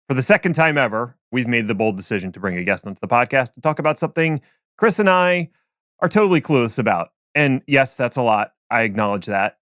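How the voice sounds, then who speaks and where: A man's voice: mid-range voice, very animated, a bit bright, no room sound, clean studio sound. A man hosting a podcast, joking around in casual chat over a remote call. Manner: jokey, playful, quick to laugh. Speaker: podcast host.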